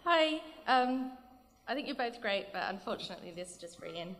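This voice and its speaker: A woman's voice: on the high side, sing-song, fairly bright tone. A woman in the audience asking an earnest question at a convention panel, speaking in a rush. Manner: earnest, rushed. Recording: long hall reverb.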